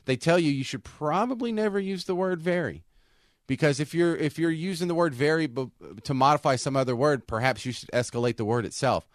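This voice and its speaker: A man's voice: fairly high pitch, brisk, dry recording, clean studio sound. A man co-hosting a casual talk show, rambling and often restarting his sentences. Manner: rambling, self-interrupting with restarts. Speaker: co-host.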